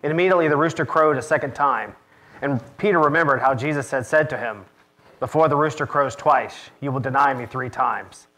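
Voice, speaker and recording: A male pastor giving a measured, expressive scripture reading in a church. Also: medium pitch.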